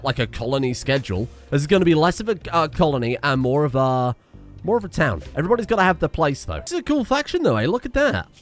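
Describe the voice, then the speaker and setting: A man giving chatty, excitable commentary while playing a game, swearing often. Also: mid-range voice. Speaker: gaming streamer. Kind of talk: casual gameplay commentary.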